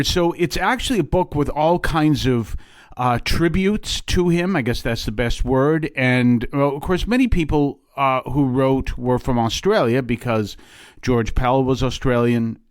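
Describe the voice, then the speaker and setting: A man's voice: medium pitch, dry recording. A middle-aged man, a priest hosting his show, talking in a casual, rambling way with frequent fillers and side remarks. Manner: rambling and digressive, with many fillers and asides. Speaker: priest and podcast host. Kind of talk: casual homily-style monologue.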